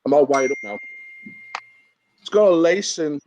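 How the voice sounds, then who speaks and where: Cheeky and joking, an Englishman laughs his way through stories in casual video-call banter, appearing as a guest and fan who takes over the show. His slightly high voice is expressive and darkish, moving at a moderate pace. The sound is lo-fi, with a bit of hiss or hum.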